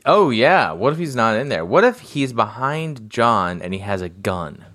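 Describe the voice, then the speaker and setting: A man co-hosting a casual podcast chat, describing things in slow, halting phrases and chuckling often. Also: mid-range voice, big pitch swings, a bit bright, no echo, studio quality. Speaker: podcast co-host.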